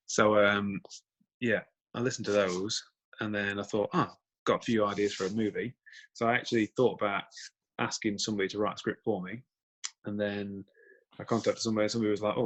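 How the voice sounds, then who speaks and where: A man's voice: fairly low pitch, a bit bright, poor audio. A man guesting on a video-call interview, laid-back and teasing as he talks. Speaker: stuntman and film director guest.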